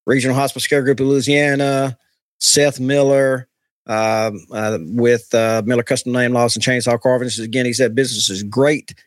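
A man's voice: mid-range voice, level tone, normal speed, dry recording. A man co-hosting a podcast in casual chat, rambling with many fillers. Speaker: podcast co-host.

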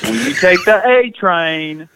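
A man's voice: sits high, lively intonation, takes it slowly, voice pushed up. A man voicing a cocky, fight-ready young tough guy from New Jersey, with a put-on New Jersey accent and a cackling laugh. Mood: boastful. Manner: boastful, cackling between lines. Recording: loud background noise.

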